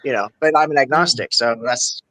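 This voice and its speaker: A man in a debate who talks quickly and bluntly. His voice sits a little high, with a bright, sharp tone and a dry sound. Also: no room sound, low-quality recording. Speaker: debate participant.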